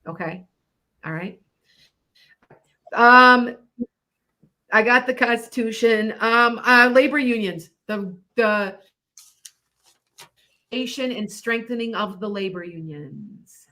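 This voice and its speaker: On her internet radio show, a middle-aged woman rambles about her psychic predictions and laughs frequently. She speaks slowly with long pauses, her fairly high voice carrying a sharp tone.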